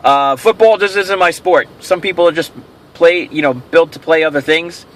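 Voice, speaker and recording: A man's voice: on the high side, moderate pace, a bit bright. A man hosting a casual question-and-answer vlog, rambling and telling jokes with self-amused delight. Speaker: host of a toy show.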